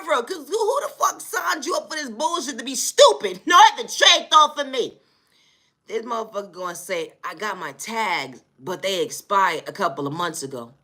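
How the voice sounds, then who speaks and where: Woman vlogger, lively bright voice, foul-mouthed comic rant, exasperated and laughing. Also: on the low side. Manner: profane, exasperated, laughing often. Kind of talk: comedic storytelling rant.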